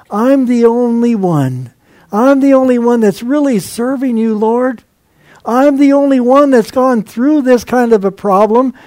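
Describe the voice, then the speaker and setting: A man voicing a weary male prophet who complains that he alone is left, in a plaintive, drawn-out way. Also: very high voice, darkish tone, no echo, voice pushed up. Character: weary lonely male prophet, self-pitying.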